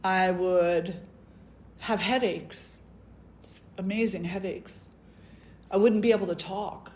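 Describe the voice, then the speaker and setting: A middle-aged woman gives a storytelling talk at a satsang, her voice sitting at an ordinary middle pitch. She acts out the dialogue in her story, shifting her voice for each person she quotes. The delivery is conversational, like a spiritual teacher talking with a circle. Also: fairly even intonation, slow, a little mellow, slight background noise.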